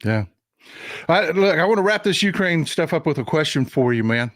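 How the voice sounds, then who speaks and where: A male host chatting casually, telling stories in a rambling, animated way full of restarts. His voice sits a bit high. The sound is dry and close, with no room around it. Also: moderate pace, dry recording. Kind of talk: casual political chat.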